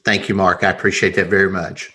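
Polite Southern man with low voice. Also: flat delivery, quick pace, pushed and bright, slightly rough. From Georgia, US. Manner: polite, says sir often. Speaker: podcast guest. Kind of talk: interview conversation.

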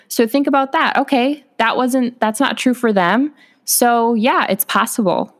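Woman podcast host, upbeat pep talk to realtors, encouraging, mid-pitch voice. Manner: upbeat, encouraging, speaks directly to listener. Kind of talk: motivational podcast monologue.

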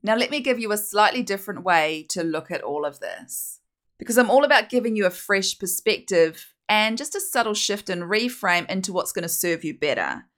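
A woman's voice: medium pitch, expressive, moderate pace, a bit bright. A woman hosting a solo coaching podcast, chatty and encouraging, slipping into playful voices now and then. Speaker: podcast host and weight-release coach.

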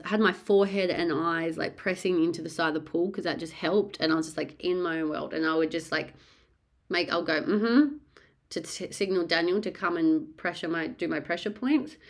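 A young woman talks through a personal story in a relaxed, unscripted way. Her voice sits a little low, and she is candid and chatty, with frequent swearing, fillers and restarts. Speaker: mother telling her birth story. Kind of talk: casual storytelling.

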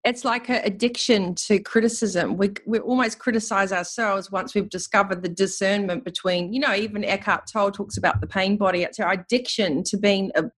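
A woman hosting a spiritual conversation, speaking in an enthusiastic, flowing and expressive way. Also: medium pitch, a little fast, few pauses. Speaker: podcast host.

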